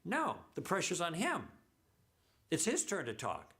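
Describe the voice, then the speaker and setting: A man's voice: fairly high pitch, wildly swooping pitch, a little slow, a bit bright. A middle-aged man teaching a church lesson, telling stories and acting out the dialogue as he goes. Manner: anecdotal, acts out quoted dialogue.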